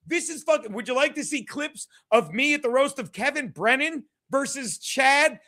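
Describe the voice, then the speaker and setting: A man's voice: extremely high pitch, animated, moderate pace, sharp tone. A stand-up comedian, a man, giving a rambling, profane, combative rant as stream commentary.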